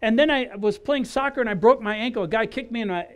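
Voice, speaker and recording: A man from Wisconsin giving his personal testimony in an animated storytelling style, acting out dialogue and restarting his phrases often. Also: very high voice, fast talker, clear, resonant tone. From Wisconsin, USA.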